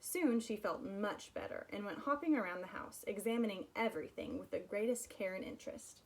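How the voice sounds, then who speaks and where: Woman reader, expressive, mid-pitched, children's chapter book read aloud. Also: brisk. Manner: expressive storytelling, personal asides.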